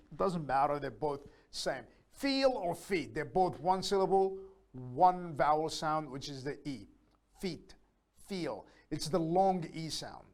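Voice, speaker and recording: A man with a slightly raised pitch teaches beginners English. He talks them through each rule step by step, with the odd filler, and slowly says every example word several times so they can copy it. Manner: slow, repeats words aloud to model pronunciation; patient, explains step by step with fillers.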